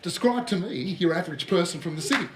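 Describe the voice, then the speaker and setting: A man with an Australian accent giving a lively workshop presentation to a live audience, joking and throwing in asides. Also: high voice, fast, very noisy. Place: large room with live audience. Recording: roomy echo of a hall.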